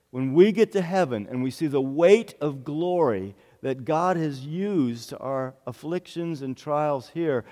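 A man's voice: fairly high pitch, warm tone. A male pastor giving an earnest sermon, often repeating phrases for emphasis. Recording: long hall reverb.

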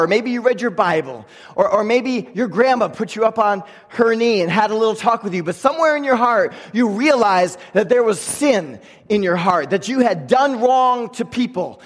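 A man preaching a sermon as a pastor, impassioned, swinging from shouts down to a hushed voice. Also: high voice, big-room sound. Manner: impassioned, sometimes shouting, dropping to a hush.

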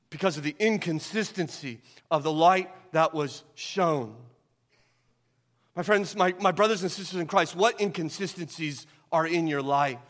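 A man's voice: on the high side, a bit bright, in a large hall. A middle-aged man preaching a sermon in a conversational way, full of rhetorical questions and restarts. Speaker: pastor.

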